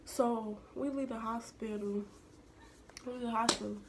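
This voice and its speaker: A young woman vlogger casually telling a personal story to her viewers, chatty and talking straight to them, sometimes dropping into hushed asides. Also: fairly high pitch, fairly even intonation, moderate pace, noisy background.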